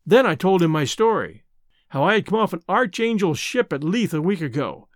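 A man narrating a classic adventure novel in the first person, with measured storytelling. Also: high voice, expressive, no echo, clean studio sound. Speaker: audiobook narrator.

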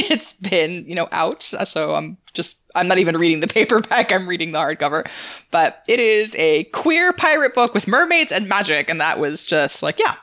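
A woman's voice: fairly low pitch, a bit bright, no room sound, studio quality. A woman co-hosting a book podcast in a casual, chatty way, laughing often and adding asides. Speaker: podcast co-host.

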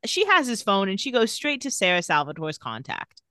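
In a casual podcast chat, a woman co-host recaps scenes from a TV episode at a moderate pace. Her mid-range voice comes through a dry, studio-quality recording, and she's animated, performing lines from the show with laughs.

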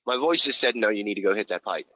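A man's voice: fairly low pitch, animated, fast, sharp tone, husky, highs cut off. A man telling his story on a podcast in a casual, blunt way, swearing a lot and restarting his sentences. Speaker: podcast guest.

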